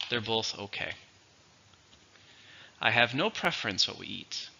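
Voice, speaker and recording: A man teaching English vocabulary, speaking slowly and clearly. His voice is fairly low but very bright and forceful, with plenty of movement in pitch. The recording sounds somewhat dull and lo-fi. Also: very animated, a little hiss or hum. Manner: slow, clear, instructive delivery. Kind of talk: vocabulary lesson.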